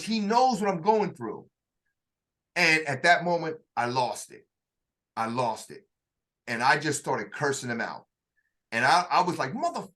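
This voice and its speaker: Brief: fairly high-pitched man, conversational storyteller, lots of restarts and acted-out quotes. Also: a bit bright. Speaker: author telling his story.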